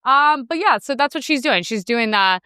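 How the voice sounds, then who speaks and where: Brash, sarcastic woman with lively, bright voice. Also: high-pitched, normal speed, clean tone, no echo, clean studio sound. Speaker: political commentary host. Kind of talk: reacting to news clips.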